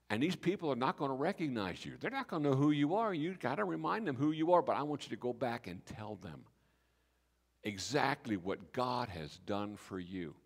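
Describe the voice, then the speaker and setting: A man preaching a sermon as pastor, telling the story with lively acted-out dialogue. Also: medium pitch. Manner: animated storytelling, acting out biblical speakers in voice. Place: church sanctuary. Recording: reverberant church hall.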